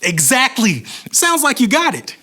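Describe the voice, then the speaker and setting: Expressive man telling a Bible story. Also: very high voice, measured pace. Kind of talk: scripted Bible story narration for kids.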